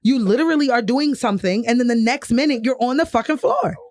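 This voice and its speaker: A woman's voice: a little high, expressive, fast talker, a little mellow. A young woman from New York telling a personal story on a podcast, candid and profane, often laughing. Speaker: podcast co-host. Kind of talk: casual storytelling chat.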